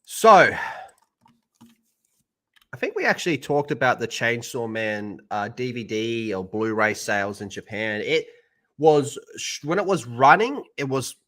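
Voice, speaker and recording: A man's voice: mid-range voice, pushed and bright. An Australian man hosting a live stream, talking in a crude, joking way and swearing often. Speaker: streamer host. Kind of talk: casual live-stream chat.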